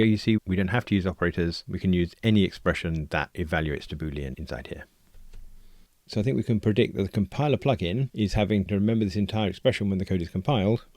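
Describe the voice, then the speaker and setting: A man's voice: deep voice, creaky, darkish tone, no echo. A man hosting a programming tutorial, thinking aloud in a conversational, explanatory way as he walks through code on a close desk mic. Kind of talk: screencast coding walkthrough.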